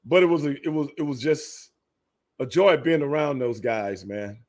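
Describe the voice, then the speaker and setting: Middle-aged Texan male podcast host, animated storyteller who laughs often. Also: moderate pace. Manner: animated storyteller, laughs often, jumps into high excited bursts. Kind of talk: casual chat.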